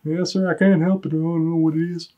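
A man's voice: on the high side, level tone, fast talker, warm tone, dull audio, close to an everyday voice. An actor playing a dim, eager male border patrol officer who keeps saying sir and rambling through excuses in a comedy sketch. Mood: defensive.

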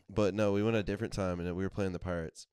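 A man's voice: sits low, quick pace, clean tone, dry recording, studio quality. A young man on a casual podcast, telling rowdy, profane stories with lots of laughter. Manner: profane, animated storytelling, laughs often. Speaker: podcast host. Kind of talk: casual chat.

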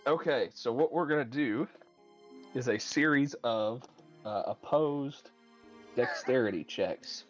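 A man's voice: mid-range voice, takes it slowly, faint music behind. A man running a tabletop game as game master, chatty and laughing, with many fillers, on dull lo-fi audio.

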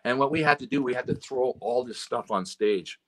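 Here a man from Canada, a road and stage manager, tells rambling stories as a guest in relaxed chat, leaning on "you know" and "right?". His pitch sits in the middle and his pace is fairly quick.

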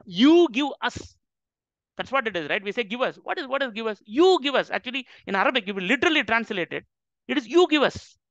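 A man's voice: very high voice, gravelly, pushed and bright, no echo. A man teaching an interactive religious class, speaking emphatically and often checking in with his listeners. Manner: emphatic, keeps checking with "right?". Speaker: Islamic teacher. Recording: dull, dry lo-fi sound.

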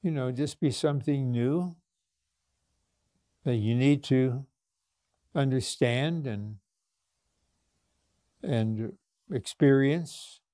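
A man's voice: mid-range voice, extremely slow, pauses often, mellow, no room sound, studio quality. A man delivering a sermon to a congregation, speaking earnestly and posing rhetorical questions, with small restarts. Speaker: minister.

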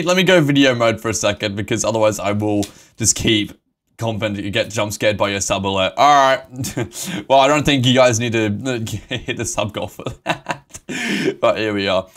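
A man live-streaming a game, excitable and emotional, swearing and laughing often as he talks to his chat. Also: medium pitch.

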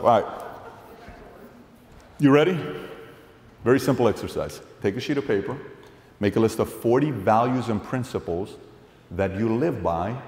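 Emphatic man speaking in an echoey hall. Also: fairly low pitch. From Middle East. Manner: animated storytelling, acts out dialogue; blunt and emphatic. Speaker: keynote speaker. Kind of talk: motivational keynote speech. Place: large event hall. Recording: echoey hall with long reverb.

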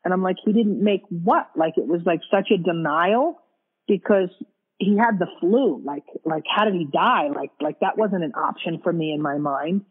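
A woman interviewed as a widow, recounting a personal story in a halting way and often repeating her words. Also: on the low side, husky, narrow, tinny audio.

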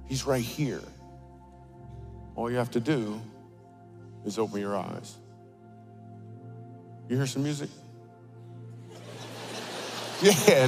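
A man preaching a comedic sermon in a church auditorium, telling stories with animated, playful asides. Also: medium pitch. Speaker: guest speaker.

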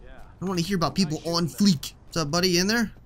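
A man's voice: high voice, quick pace, a bit bright. A young man giving casual, joking commentary while he plays a video game, swearing often. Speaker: gaming YouTuber.

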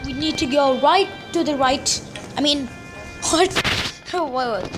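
A woman hosting a let's play, excitable and jokey, exclaiming at every surprise. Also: high-pitched, a little slow. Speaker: gaming channel host. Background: game music.

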